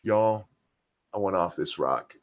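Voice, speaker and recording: A man's voice: low voice, lively intonation, slow pace, no room sound. Man, middle-aged, stream host, profane rant, dry close sound. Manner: profane, ranting, reads chat aloud. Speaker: commentary streamer. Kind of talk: casual live-stream rant.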